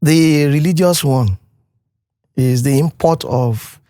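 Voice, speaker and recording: A man's voice: a little high, slow pace, no echo. Emphatic Nigerian man, dry studio sound. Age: older. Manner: emphatic, animated storytelling, mimics others. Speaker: guest. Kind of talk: podcast conversation.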